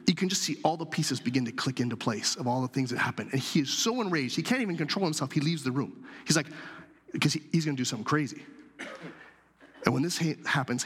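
A man telling a scripture story as a sermon, animated and acting out the characters' lines. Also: mid-range voice, breathy edge. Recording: long hall reverb.

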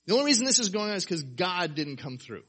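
A man preaching a sermon, animated, firing off rhetorical questions and acting out quotes. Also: sits high, fast talker, breathy edge. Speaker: pastor.

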